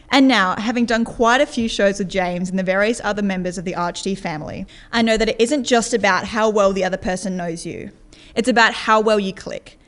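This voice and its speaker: A young woman presenting an award, reading evenly from a prepared script. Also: mid-range voice.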